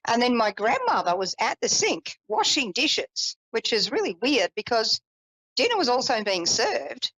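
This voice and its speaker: A woman psychic telling a personal story in a chatty, animated way, with self-deprecating asides. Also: on the high side, a little slow, no echo, low-quality recording. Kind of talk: personal storytelling on a live call-in show.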